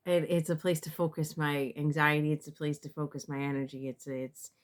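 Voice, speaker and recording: A woman who reads tarot speaks casually to the camera, halting often with fillers and restarts, and she sounds emotional, almost tearful. Her voice is low and barely moves in pitch.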